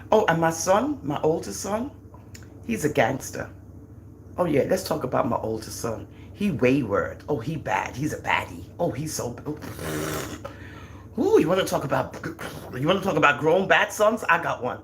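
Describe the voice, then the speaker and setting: A middle-aged woman with a Jamaican accent hosts a livestream in a low voice at normal speed, with slight background noise. She chats casually and animatedly, teasing and boasting about her children.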